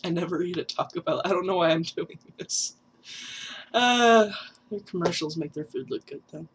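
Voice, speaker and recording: A man's voice: high-pitched, moderate pace, a bit bright, husky. Young trans guy vlogger, nasal voice, chatty and self-mocking, loose and rambling. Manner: chatty and rambling, many fillers, laughs at self. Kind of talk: casual vlog update.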